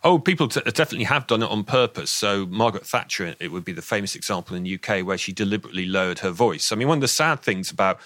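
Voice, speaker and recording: In a radio studio, a man from southern England appears as an expert guest on voice and speech, explaining things eagerly and laughing now and then. He often repeats the first words of a sentence. His voice is fairly low and fairly bright, quick with few pauses and lively intonation, with no room sound.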